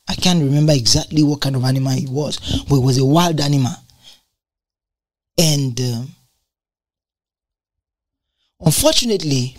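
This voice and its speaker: Woman, preacher, sermon, low pitch, emphatic, repetitive, rhetorical questions. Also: dry recording. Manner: laughs between points.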